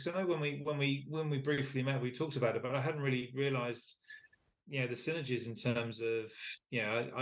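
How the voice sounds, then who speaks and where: A man in his fifties talks through his answers in an interview. He is articulate and reflective, with plenty of "you know" fillers. His voice has a middle pitch. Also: a bit bright. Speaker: charity chief executive and guest.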